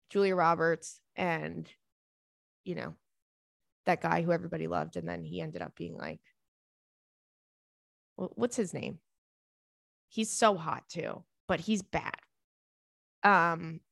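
A woman's voice: on the low side, gravelly, fairly bright tone, no room sound. Young woman podcast host rambling and gushing, swears a lot, dry close sound. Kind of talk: casual chat.

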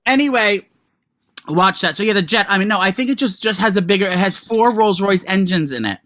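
A man co-hosting a podcast, chatting casually with a gossipy, animated manner and free swearing. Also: high-pitched, brisk, no room sound. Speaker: podcast co-host.

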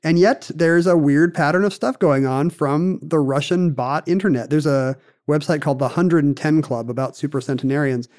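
A man's voice: on the high side, normal speed, few pauses, darkish tone. A man hosting a casual chat, explaining a story in a wry, conversational way with dry asides.

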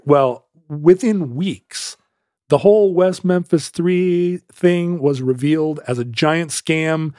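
A man's voice: a little high, slow, no room sound, clean studio sound. A man hosting a casual talk show, telling a long story and acting out the voices of the people in it. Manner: animated storyteller who acts out quoted voices. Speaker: podcast host.

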